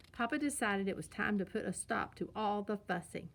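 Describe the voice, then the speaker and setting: A woman storyteller reading a children's picture book aloud in a clear, expressive way. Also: medium pitch, normal speed.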